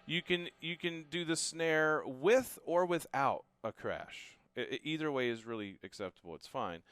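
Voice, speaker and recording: A man teaching a drum lesson, calling out each drum hit loudly and dropping to quieter, casual asides between demonstrations. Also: a little high, moderate pace, smooth, no room sound, clean studio sound. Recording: loud drum kit and music behind. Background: drum kit playing.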